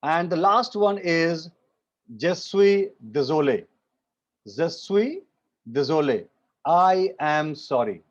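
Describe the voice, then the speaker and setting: Indian man teaching French over a video call. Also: a little high. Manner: repeats phrases slowly for pronunciation, mixing English and Hindi. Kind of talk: online class teaching. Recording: muffled video call audio.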